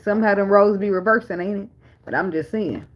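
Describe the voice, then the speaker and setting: A tarot reader gives a reading as casual talk that turns into a rant, blunt and profane and full of rhetorical questions. She has a medium-pitched voice and talks fast, with lo-fi sound and slight background noise.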